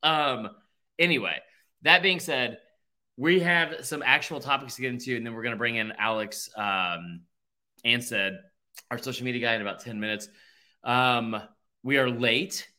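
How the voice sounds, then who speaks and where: A man in his thirties hosting a casual sports podcast, rambling and animated, full of asides. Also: medium pitch, moderate pace. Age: 30s. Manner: rambling, animated, self-interrupting with fillers. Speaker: podcast host.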